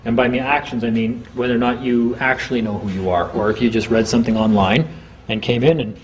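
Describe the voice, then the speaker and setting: A man's voice: medium pitch, fairly even intonation, poor audio. Guy chatting thru a seminar, plays out courtroom back-and-forth in little voices, faint noise in the room. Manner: chatty, acts out courtroom exchanges in quick quoted voices. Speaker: seminar speaker. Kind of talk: informal seminar talk to a small group.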